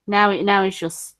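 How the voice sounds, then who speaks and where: A woman's voice: mid-range voice, fairly bright tone. A woman with a northern English accent, casually chatting on a stream and laughing often. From northern England. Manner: giggly, laughs often between remarks. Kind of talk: casual chat.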